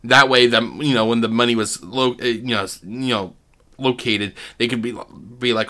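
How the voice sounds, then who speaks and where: A man's voice: mid-range voice, fairly even intonation, normal speed, bright, forceful tone. A man hosting casual commentary, thinking aloud in a rambling, profane way. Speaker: host.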